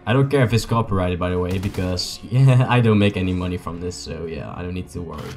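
A young man, a native Dutch speaker, gives excitable, joking, rambling commentary to his viewers as he plays a video game. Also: low-pitched, fast. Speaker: gaming YouTuber. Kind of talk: casual gameplay commentary.

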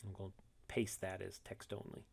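A man walking through a software tutorial step by step, reading each instruction and then demonstrating it, correcting himself along the way. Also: deep voice, little pitch movement, normal speed, vocal fry, husky. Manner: methodical, reads steps then demonstrates, self-corrects.

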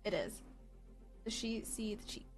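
A woman's voice: mid-range voice, a little slow. A woman streaming games, chatting casually with a playful, giggly manner and cutesy baby talk. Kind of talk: casual livestream chat. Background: faint background music.

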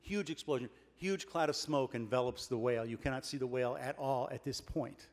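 Wry man telling a story in an echoey hall. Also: medium pitch. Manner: deadpan, wry, building jokes with pauses. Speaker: keynote speaker. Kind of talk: comic storytelling speech. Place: large banquet hall with a dinner audience. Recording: reverberant banquet hall, faint room noise.

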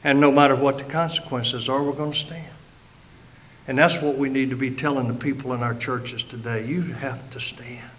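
A man's voice: mid-range voice, fairly even intonation, fairly quick, fairly bright tone, a little hiss or hum, poor audio. An older man and ordained minister preaching passionately to a live audience, telling a story with emphasis and acting out the quoted voices. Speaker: guest speaker and ordained minister.

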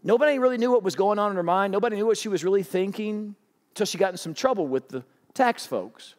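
Male pastor, animated preacher, a touch high-pitched, recorded in a large reverberant church hall. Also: fast. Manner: animated, urging the crowd with rising pitch. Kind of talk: sermon.

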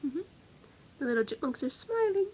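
A woman's voice: high voice, very animated, moderate pace, slight background noise. Woman reading a picture book aloud. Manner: soft, chatty asides about the pictures. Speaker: storybook reader.

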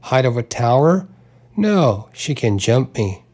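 A man reading a literary novel aloud as an audiobook narrator, in a measured, unhurried delivery with small touches of voice for the characters. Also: mid-range voice, very animated, darkish tone, husky.

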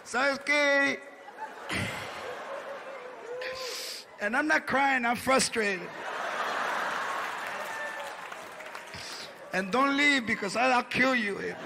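A man's voice: very high voice, moderate pace, vocal fry, a crowd in the background, noisy background. A man doing a blustering drunk boyfriend. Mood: drunk blubbering.

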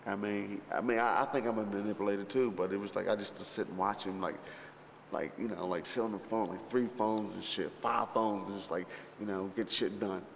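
A man's voice: fairly low pitch, a little fast, gravelly, slight background noise. A man telling stories in a casual interview, rambling and profane, full of fillers and restarts, acting out what others said. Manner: animated storyteller who acts out others' lines. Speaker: interviewee recalling a film shoot. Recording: echoey hall with long reverb, faint ambience.

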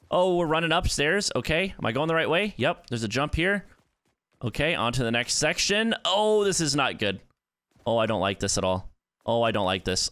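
Young male gameplay commentator, bright tense voice, panicky and excitable. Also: medium pitch, brisk, no room sound. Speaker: gaming YouTuber.

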